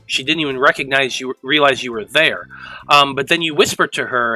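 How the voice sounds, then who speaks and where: A man narrating as game master of a tabletop role-playing game, rambling with halting restarts. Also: mid-range voice, animated, pushed and bright, dry recording, faint music behind, rough recording.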